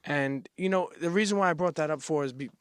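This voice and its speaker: A man's voice: fairly high pitch, fast talker, clear, resonant tone, dry recording, clean studio sound. Earnest man hosting an interview. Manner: earnest, repeats words, reads quotes aloud. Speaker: podcast host. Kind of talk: casual interview chat.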